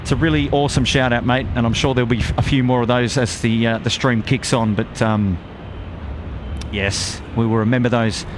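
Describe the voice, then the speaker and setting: A man with an Australian accent hosting a live stream outdoors, reading out viewer shout-outs in a friendly, upbeat way. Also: medium pitch, little pitch movement, moderate pace, noisy background. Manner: upbeat, friendly, lots of "g'day, mate". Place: outdoors at an airport plane spotting spot.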